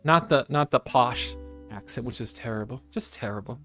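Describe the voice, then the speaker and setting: A man's voice: medium pitch, moderate pace, pushed and bright, soft background music. A man streaming casually while he draws, chatting in a playful, rambling way and slipping into silly voices.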